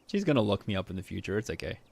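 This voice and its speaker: A man's voice: low voice, sing-song, very fast, gravelly, darkish tone, dry recording. A man casually commenting while streaming a game, laughing often and reading the game text aloud.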